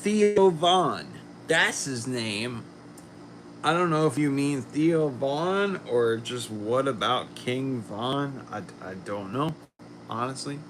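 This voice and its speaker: A man hosting a casual livestream, chatting to viewers and reading their comments while a little sick, talking in a slow, rambling way and trailing off. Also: medium pitch, lively intonation, background noise. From Philadelphia. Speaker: livestream host.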